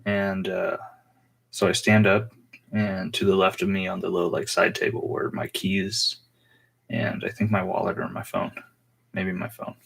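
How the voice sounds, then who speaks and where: A young man telling a personal story on his vlog in a rambling, halting way full of fillers. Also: low voice, level tone, gravelly, fairly bright tone, breathy edge. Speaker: vlogger.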